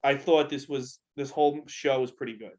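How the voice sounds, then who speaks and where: A young man co-hosts a casual wrestling-talk podcast, venting in heated, profanity-laden rants. His pitch sits in an ordinary middle range, neither high nor low. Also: steady tone, fairly quick, darkish tone. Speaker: podcast co-host.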